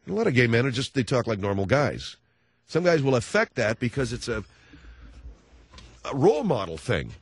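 A man hosting a talk radio show, chatting with callers in a rambling, halting way full of fillers and restarts, joking and slipping into mocking voices. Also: mid-range voice, sing-song, breathy edge, dry recording, clean studio sound. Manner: jokey, breaks into mocking voices.

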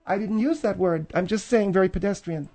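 A man's voice: high voice, brisk, warm tone, voice pushed up. Guy putting on a stuck-up prissy lady cohost, pompous, catty little asides, comedy radio bit. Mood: haughty. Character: prissy, snobbish middle-aged woman co-host. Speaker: co-host. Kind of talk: comedic talk radio banter.

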